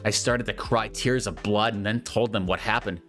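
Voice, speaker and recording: A man doing a comedic dramatic reading of bad fanfiction, with mocking deadpan asides. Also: moderate pace, soft background music. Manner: swears and jumps into shrill high voices for quotes. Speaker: fanfiction reader.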